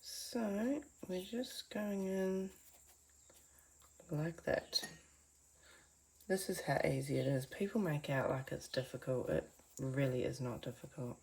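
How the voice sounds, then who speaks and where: Woman chatting through a painting lesson in her studio, lowish gravelly voice, takes her time. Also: slow, pauses often, darkish tone. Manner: chatty and encouraging, talks to viewers as guys. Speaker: art teacher. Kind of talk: painting tutorial. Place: home art studio.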